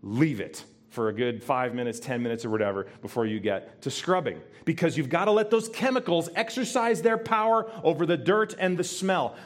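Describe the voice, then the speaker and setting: In church, a male pastor with a slightly high voice delivers a sermon, his voice climbing on key words to drive the point home. He addresses the congregation directly with questions in an animated, emphatic way.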